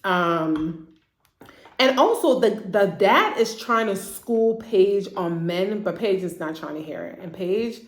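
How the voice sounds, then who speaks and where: A woman therapist giving a casual, chatty recap of a TV drama, slipping into quick impressions of the characters. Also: medium pitch, expressive, reverberant. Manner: chatty, acts out characters' lines in quick asides.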